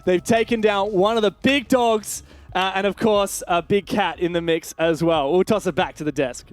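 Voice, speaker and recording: A man doing fast play-by-play esports commentary, building to shouts at big plays. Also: high-pitched, no room sound, faint music behind. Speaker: play-by-play caster.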